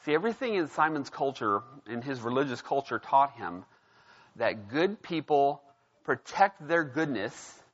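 A man's voice: mid-range voice, sing-song, measured pace, fairly bright tone. A man preaching a sermon as pastor, casual and conversational, telling a story and often checking in with the crowd. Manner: conversational, storytelling, frequent "right?". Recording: dull lo-fi sound.

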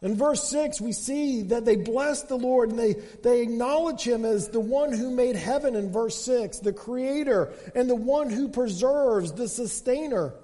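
A man's voice: very high-pitched, a little mellow, big-room sound. A pastor preaching a sermon, often repeating his opening words as he starts a sentence.

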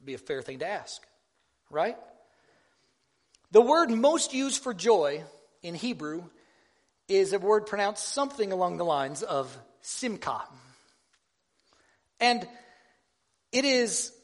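A man delivers a sermon in a high, light voice. He talks like he's chatting with friends, pokes fun at himself, and often stops to restart a thought. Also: very animated. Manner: conversational, self-deprecating, halting restarts. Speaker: preacher.

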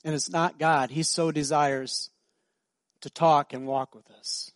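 A male pastor preaching a sermon, swinging between soft, slow passages and loud, emphatic high-pitched stretches. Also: fairly even intonation, no echo, clean studio sound.

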